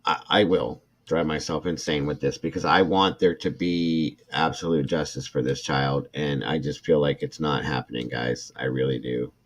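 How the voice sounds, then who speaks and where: A man's voice: a bass voice, steady tone, normal speed, hardly any pauses. A middle-aged man hosting a true crime livestream, reading a report aloud and reacting with irritation while talking to his chat viewers. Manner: emotional, irritated, talks to chat viewers by name.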